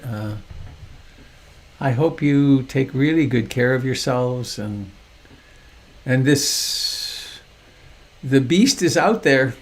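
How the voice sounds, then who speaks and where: An older man teaching meditation over a video call, speaking softly and unhurriedly with gentle humor. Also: medium pitch.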